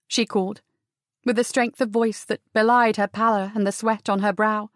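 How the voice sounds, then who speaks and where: A woman narrating a historical romance audiobook, in a measured, even reading with the dialogue softened. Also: medium pitch, no echo, studio quality. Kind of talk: scripted narration.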